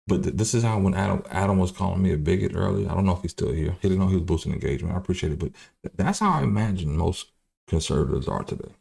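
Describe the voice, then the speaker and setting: A man's voice: low-pitched, lively intonation, very fast, creaky, a little mellow. A man in his thirties hosting a livestream, talking bluntly and profanely in rambling commentary. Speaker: livestream host.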